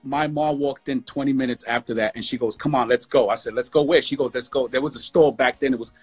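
A man from New York City, a music producer guest, telling stories from his youth in a fast, emotional, casual way over a phone livestream. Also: mid-range voice, fairly even intonation, slightly rough. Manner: fast, emotional storytelling with lots of "bro". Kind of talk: casual storytelling interview.

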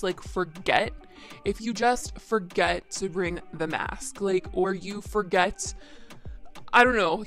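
A young woman hosting a casual commentary show, exasperated, with lots of "like" fillers. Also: medium pitch. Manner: exasperated, says "like" a lot. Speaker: commentary podcast host.

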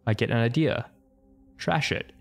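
Male narrator, mid-pitch, dry matter-of-fact comic storytelling, faint music behind. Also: measured pace, gravelly. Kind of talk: comedic narration of an internet story.

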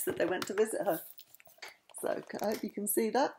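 A woman's voice: medium pitch, a little fast, darkish tone, a little hiss or hum. An older woman, a grandmother, chatting affectionately with her grandchildren and reading them a bedtime story.

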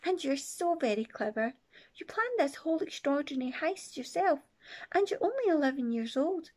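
A woman voicing a daring, sweet old grandmother who speaks in a hushed, lowered voice. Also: big pitch swings, normal speed.

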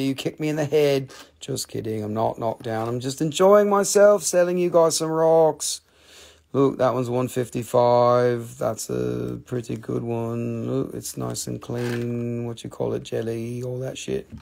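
A man hosting a live sales stream, chatty, profane and excitable, his voice getting scratchy after hours of talking. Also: mid-range voice, a little slow, vocal fry. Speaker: host selling rocks and gems on a live stream.

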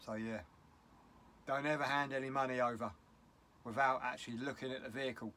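A man's voice: medium pitch, steady tone, fairly quick, sharp tone. A middle-aged man with a British English accent, talking in a casual vlog, upset and rambling bluntly. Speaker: vlogger.

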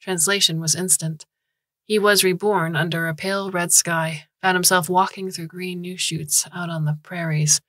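A woman narrating a science fiction short story in a calm, even storytelling manner. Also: on the low side, normal speed, no room sound. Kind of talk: scripted audiobook narration.

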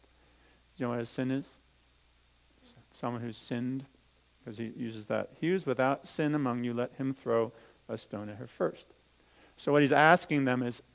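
A man's voice: medium pitch, vocal fry, low-quality recording. A man, a pastor, reading a scripture story aloud and explaining it simply to children. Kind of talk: children's talk. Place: church sanctuary.

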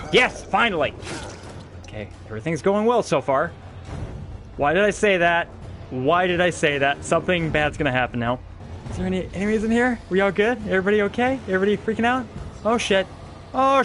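A young man commentating a horror game with a high, very lively voice. He swears often and yelps when startled, and faint music plays under his talk. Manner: excitable, profane, yelping reactions. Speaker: gameplay streamer. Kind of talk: live gameplay commentary.

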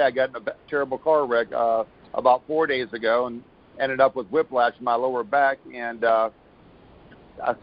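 Rambly upbeat guy on a phone call, middle pitch, kinda muffled lo-fi line. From Florida. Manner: rambling, upbeat, many restarts. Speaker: caller giving a product testimonial. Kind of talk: casual phone call testimony.

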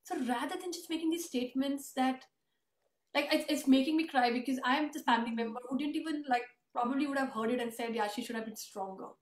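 A woman's voice: sits high, quick pace. A woman telling an emotional family story in earnest, conversational tones during an interview. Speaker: host and author. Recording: roomy echo.

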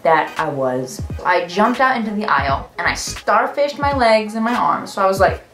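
A young woman vlogger telling a story in a gushing, excitable way, often breaking into laughter. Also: medium pitch, normal speed. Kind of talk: story time vlog. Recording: roomy echo, faint music.

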